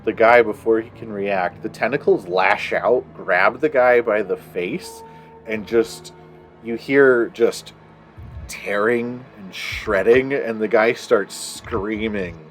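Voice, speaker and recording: A man narrating as game master of a tabletop game, relaxed and laughing, drawing his descriptions out. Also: lowish voice, slow pace, faint music behind.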